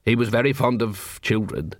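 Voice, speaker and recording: A man's voice: medium pitch, normal speed, no room sound, natural voice. A man voicing a dry, world-weary middle-aged watch captain in an audiobook.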